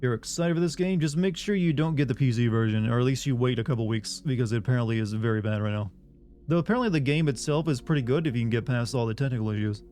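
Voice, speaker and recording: A fast-talking man with a dark-toned, mid-range voice streams a game and chats casually. Though from the US South, he has no regional accent; he reads viewer messages out loud and responds in a rambling manner.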